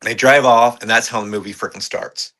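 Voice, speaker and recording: A podcast co-host, a man with a lowish voice and a sharp, forceful tone. He reviews films in loose, excitable chat, swearing and rambling along with plenty of fillers. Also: a little fast, vocal fry. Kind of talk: casual movie review chat.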